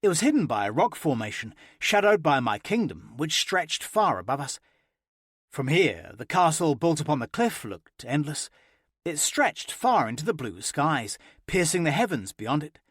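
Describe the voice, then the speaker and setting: A man narrating a first-person romance audiobook with an expressive, playful reading. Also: fairly high pitch, moderate pace, slightly rough, no echo, studio quality.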